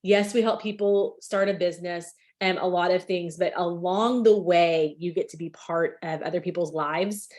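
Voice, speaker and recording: A woman's voice: on the low side, fairly even intonation, normal speed, hardly any pauses, darkish tone. A woman hosting a video call, chatty and enthusiastic, with lots of filler words. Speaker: meeting host.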